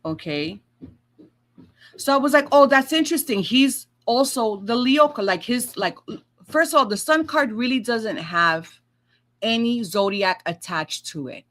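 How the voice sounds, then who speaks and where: Bright-voiced woman rambling about tarot. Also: a little high, lively intonation, measured pace. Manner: chatty, swears freely, acts out her own quotes. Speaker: tarot reader and astrology vlogger. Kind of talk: casual rambling monologue.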